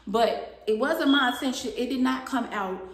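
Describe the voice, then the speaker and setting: A young woman telling a story from her workplace to her viewers, animated and blunt, swearing freely. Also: on the high side, normal speed. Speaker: vlogger. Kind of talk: casual storytime chat. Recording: echoey room.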